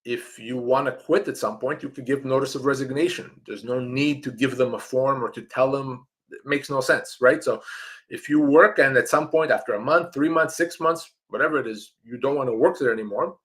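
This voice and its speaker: A middle-aged man from Canada answers viewers' questions live as an employment lawyer. He talks in a direct, emphatic way and circles back to repeat the points that matter. His pitch sits in an ordinary middle range for a man. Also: brisk, fairly bright tone. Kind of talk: live-streamed advice Q&A.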